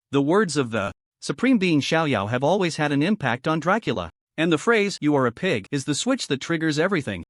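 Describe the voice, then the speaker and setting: A man's voice: on the high side, no echo, clean studio sound. A man narrating a fantasy story recap in a scripted storytelling delivery.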